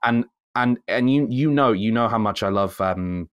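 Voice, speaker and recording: A man co-hosting a podcast, ranting in casual chat and climbing high when he gets worked up. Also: moderate pace, clear, resonant tone, no echo, highs cut off. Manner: animated ranting, rising high when excited. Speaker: podcast co-host.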